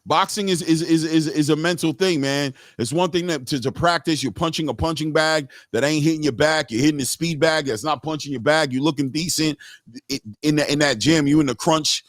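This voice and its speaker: A man's voice: fairly high pitch, brisk, dry recording, studio quality. A man hosting a live boxing stream, giving casual, slangy fight commentary and talking straight to his viewers.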